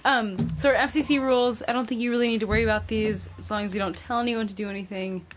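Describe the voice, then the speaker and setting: A woman's voice: on the high side, fairly even intonation, quick pace, a little hiss or hum. A young woman hosting a radio show, chatting casually and briefing guests before air, with a lot of "like" in her talk. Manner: chatty, says "like" often.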